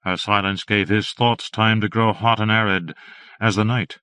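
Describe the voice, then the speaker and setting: A man reads a horror story aloud in a measured, steady manner. His voice sits fairly low. The recording is dry, with no room sound. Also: smooth, no echo. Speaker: audiobook narrator. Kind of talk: scripted narration.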